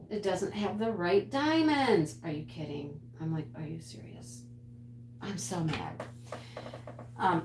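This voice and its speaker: A woman's voice: fairly low pitch, darkish tone, echoey room. A woman hosting a casual livestream, chatting and rambling as she reads the chat aloud, often laughing. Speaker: livestream host.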